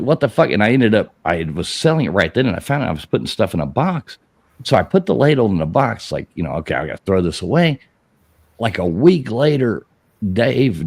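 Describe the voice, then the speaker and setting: A middle-aged man telling a rambling, profane story on a live show, laughing as he goes and shouting out the lines he quotes. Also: lowish voice, no echo. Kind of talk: casual live-stream storytelling.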